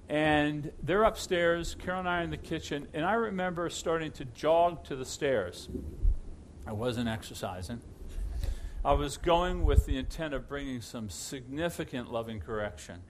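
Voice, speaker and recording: Animated high-voiced man preaching. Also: slight background noise. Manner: animated storytelling with repeated restarts. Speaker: pastor. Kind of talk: sermon.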